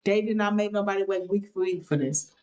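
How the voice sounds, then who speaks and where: A woman's voice: mid-range voice, brisk, lo-fi sound. A young woman casually reviewing a TV show, chatty and slangy, often mimicking what characters said. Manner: animated, chatty, slangy, quotes people in mock voices.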